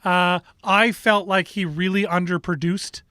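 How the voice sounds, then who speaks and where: A man's voice: sits high, steady tone, a little slow, sharp tone, dry recording, studio quality. A man with a Canadian accent co-hosting a sports show, talking casually and rambling with restarts and strong opinions.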